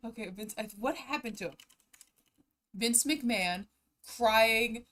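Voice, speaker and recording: A woman's voice: a little high, slow, pauses often, a bit bright. A young woman streamer chatting casually on a live stream, giggling and breaking into helpless laughter as she talks.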